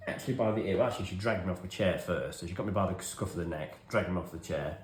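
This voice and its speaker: A man's voice: deep voice, fast, reverberant, a little hiss or hum. An English man in his forties telling a rambling, self-deprecating story while tidying his hobby room. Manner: self-deprecating, wry, chatty. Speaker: hobby vlogger.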